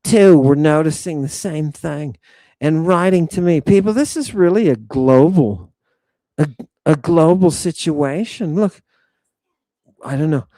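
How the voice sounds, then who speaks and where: A middle-aged man hosting a live stream, reading viewer comments and riffing on them in an excitable, profane, rambling way. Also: fairly high pitch, unhurried, no echo. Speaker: livestream host reading chat. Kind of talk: casual live-stream chat.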